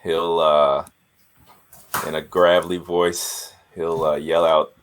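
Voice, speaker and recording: A man's voice: rumbling low, little pitch movement, slow pace, slight background noise. A man playing a tabletop game, hesitant and agreeable with many fillers. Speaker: player. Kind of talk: casual game chat.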